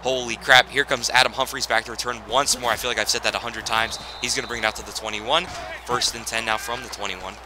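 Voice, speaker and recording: A young man narrating a football video game in casual play-by-play style, getting excitable on big plays. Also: medium pitch, fast, noisy background. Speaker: gaming channel host.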